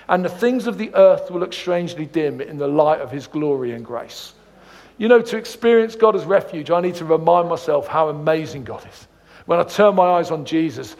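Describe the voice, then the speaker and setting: Speaking in a high, creaky voice inside a large hall, a man gives a sermon as a guest preacher. He's jokey and animated, breaking up the scripture with humorous anecdotes and lively asides.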